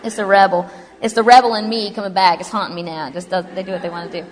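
Woman, humorous testimony speaker, mid pitch, reverberant hall. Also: racing, a little hiss or hum. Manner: chatty, humorous, animated storytelling. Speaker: speaker telling her story. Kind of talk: personal testimony to a live audience.

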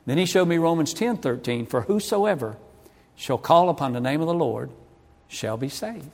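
A middle-aged evangelist from North Carolina gives his testimony as a sermon in a church hall, telling his conversion story and acting out the voices of the people in it. His voice is a little high, animated, and a little mellow at a moderate pace, with long hall reverb on the recording.

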